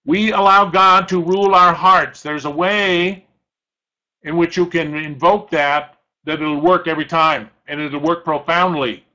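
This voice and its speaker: Emphatic bright-voiced male preacher. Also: fairly high pitch, fairly even intonation, rough recording. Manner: emphatic, slows to stress scripture, throat-clearing. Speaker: pastor. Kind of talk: sermon.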